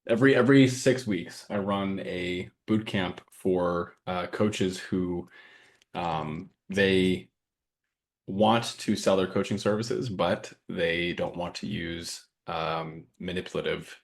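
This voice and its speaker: A man co-hosting a casual podcast, talking earnestly and reading a list of sayings aloud in a steady way. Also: deep voice, takes it slowly, creaky. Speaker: podcast co-host and coaching business owner.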